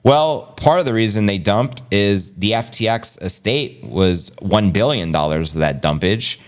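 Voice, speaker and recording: A man's voice: fairly low pitch, animated, unhurried. A man hosting a casual crypto livestream, joking in slang and answering his chat.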